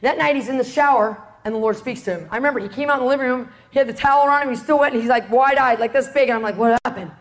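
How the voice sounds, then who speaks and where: A middle-aged woman with a high voice preaches a testimony sermon. She tells her stories with energy and keeps checking in with the congregation through rhetorical questions. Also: racing, hardly any pauses. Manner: animated storytelling, rhetorical questions to the audience. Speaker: preacher, prison ministry leader.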